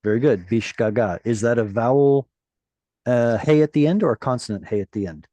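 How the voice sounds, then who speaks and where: A man's voice: mid-range voice, expressive, fairly quick, no room sound. A man tutoring a student in Hebrew reading, patiently correcting pronunciation over a video call. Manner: encouraging, corrects pronunciation gently. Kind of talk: patient one-on-one reading lesson.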